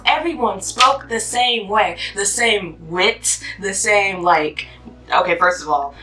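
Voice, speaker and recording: Bright-voiced woman ranting, mic set back. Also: mid-range voice, distant mic, rough recording. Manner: emphatic, exasperated and chatty. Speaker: book reviewer. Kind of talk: casual rant review.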